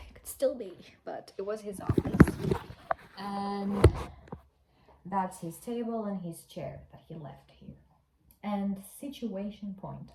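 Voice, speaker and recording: A young woman talking to camera in a casual personal vlog from her home, speaking softly and haltingly. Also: medium pitch, reverberant, a little hiss or hum. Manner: soft, tearful and halting, with small laughs. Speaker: vlogger.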